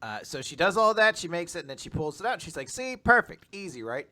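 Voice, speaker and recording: A man's voice: a little high, animated, fast talker, bright, forceful tone. A man co-hosting a casual recap chat, animatedly retelling scenes and acting out characters' lines, swearing casually. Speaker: podcast co-host.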